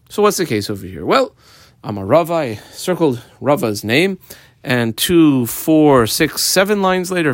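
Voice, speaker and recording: A man teaching a Talmud page line by line, explaining each phrase and marking up the text as he goes, sometimes quick, sometimes slow and stressed. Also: a little high, no echo, clean studio sound. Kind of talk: page-by-page study lesson.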